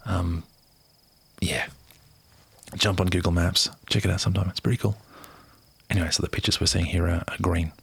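A man casually reading a news article aloud in a soft, unhurried voice, often half-whispering and chatting in between. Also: sits low, little pitch movement, creaky, slightly rough. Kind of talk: casual read-aloud with asides.

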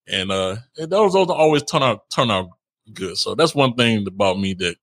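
Podcast co-host, male, low voice, dry close sound, laughs a lot, casual slang. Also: lively intonation, normal speed, a bit bright, no echo. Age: adult, older than co-host. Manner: laughs often, slangy and repetitive. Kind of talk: casual relationship chat.

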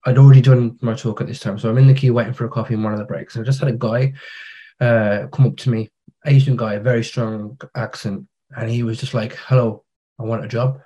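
A man's voice: medium pitch, steady tone, fast talker, dark tone. Frank man telling anecdotes. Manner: anecdotal storytelling, frank, British slang. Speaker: podcast guest, digital marketer. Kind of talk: casual conversation.

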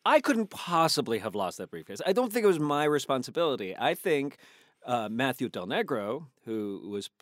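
A man, an actor guest, telling lively behind-the-scenes stories in a casual interview, quoting people as he goes. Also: mid-range voice, normal speed, dry recording, studio quality. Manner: animated storyteller, quotes others in changed voices.

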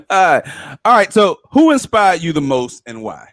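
A man hosting a podcast interview, chatting casually and joking with his guest, sometimes dropping his voice low for effect. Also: pushed and bright. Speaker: podcast host.

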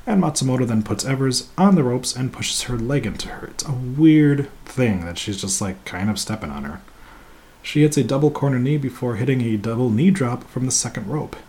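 A man's voice: medium pitch, a little mellow. A man hosting a podcast, reading a scripted wrestling review with sarcastic, mocking asides and crude jokes.

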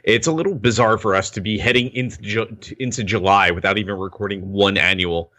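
A man with a lowish, sharp voice talks briskly as a podcast co-host, with no echo in the recording. His casual chat rambles and keeps breaking off mid-thought, and he laughs often.

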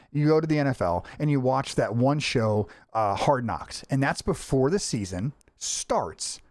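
A man's voice: medium pitch, dry recording, studio quality. A man hosting a casual podcast chat, talking in a rambling way with lots of restarts and fillers. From United States. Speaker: podcast host.

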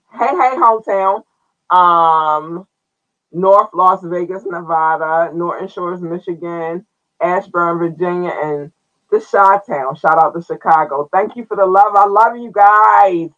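A man's voice: on the high side, pushed and bright, muffled recording. A man hosting his own podcast in a loose, playful way, with slangy asides as he reads out listener towns. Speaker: podcast host. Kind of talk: casual solo podcast chat.

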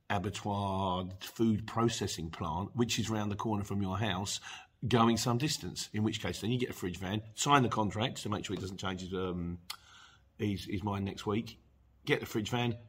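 A man's voice: fairly low pitch, breathy edge. A middle-aged man hosting a podcast, reading out listener messages and chatting casually with many restarts and asides. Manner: chatty, rambling, with frequent restarts and laughs. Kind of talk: casual chat.

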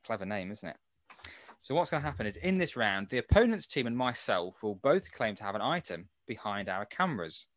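A man's voice: on the low side, big pitch swings, a little fast, a bit bright, dry recording. A man hosting a casual podcast quiz, explaining the rules with playful asides. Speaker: quiz host.

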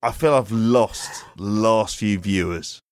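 A man's voice: on the low side, slow, no echo, clean studio sound. A tipsy man co-hosting a casual chat, swearing and laughing through his banter. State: drunk. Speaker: podcast co-host.

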